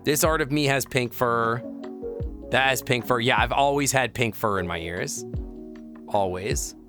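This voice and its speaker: A young man chatting casually on a live stream, reading and answering viewer messages, playful and giggly, rambling and breaking into squeaky high exclamations. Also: measured pace, over music. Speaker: VRChat streamer.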